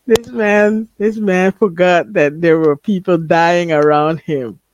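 A woman's voice: fairly low pitch, slow pace, a little mellow, muffled recording. A young woman co-hosting a casual anime podcast, reacting with frequent laughter. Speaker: podcast co-host.

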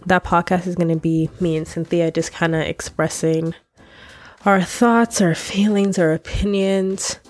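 A woman's voice: lowish voice, steady tone, a little slow, darkish tone, no echo. A young woman from Nigeria hosting her own podcast, chatting casually and candidly with slang and laughter, her voice nasal and congested. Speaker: podcast host. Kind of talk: casual solo podcast chat.

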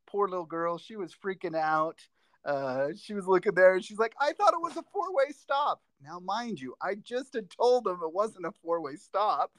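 A man who teaches driver's ed, chatting casually on a podcast and telling rambling, animated stories with many restarts. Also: high-pitched, normal speed, no room sound. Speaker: driver's ed instructor and school teacher. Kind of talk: casual podcast chat, storytelling.

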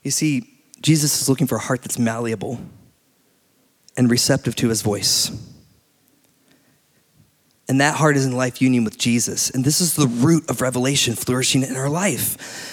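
A man in his late thirties preaching a sermon in a church, telling stories with lively energy and laughing often. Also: mid-range voice, normal speed, long pauses. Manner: animated storytelling, laughs often. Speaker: pastor. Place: church hall. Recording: long hall reverb.

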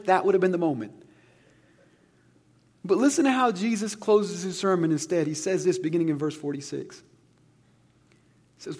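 A man's voice: high-pitched, moderate pace. A man preaching a sermon as a pastor, earnest and conversational with touches of humor.

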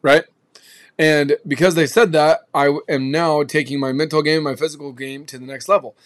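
A man's voice: a little high, fairly even intonation, brisk. Emphatic, slangy motivational man. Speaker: podcast host. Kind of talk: motivational talk.

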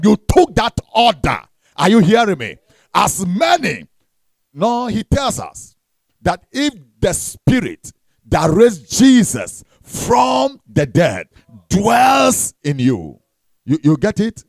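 A man preaching a sermon, leading the congregation in call-and-response with shouted, sing-song emphasis and frequent repetition. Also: sits high, big pitch swings, takes it slowly, creaky, no room sound, clean studio sound. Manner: repeats words and restarts.

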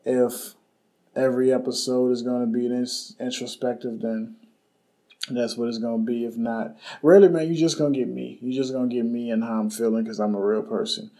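Blunt young man, mellow solo podcast talk. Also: medium pitch, steady tone, normal speed, poor audio. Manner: casual, blunt, swears freely, many fillers. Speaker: podcast host.

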